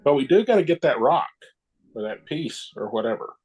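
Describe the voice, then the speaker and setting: A man's voice: mid-range voice, very animated, brisk, a little mellow, slightly rough, faint music behind. A man playing a tabletop game who chats casually and thinks aloud. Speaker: player.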